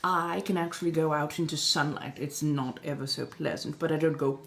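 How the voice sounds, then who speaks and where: A woman's voice: low voice, fairly even intonation, vocal fry, slight background noise. A woman voicing a centuries-old refined female vampire in a colonial American accent, chatting with viewers on a livestream and calling them darling. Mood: confiding. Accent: 1700s colonial American. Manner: genteel, unhurried, fond of endearments. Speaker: streamer. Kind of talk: in-character livestream chat.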